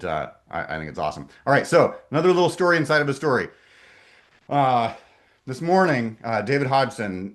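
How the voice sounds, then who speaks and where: A middle-aged man presenting a webinar in a casual way over a video call, enthusiastic and often hesitating and restarting his sentences. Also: on the low side.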